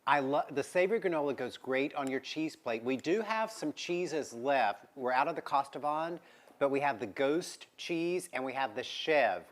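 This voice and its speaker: A man co-hosting a live shopping stream, chatting and enthusiastically pitching products. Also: animated, moderate pace. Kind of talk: casual live-stream chat.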